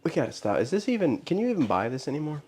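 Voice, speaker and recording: A man's voice: on the high side, big pitch swings, very fast, a little mellow, husky. A man co-hosting a casual podcast, teasing his partner with dry banter. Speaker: podcast co-host. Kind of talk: casual chat.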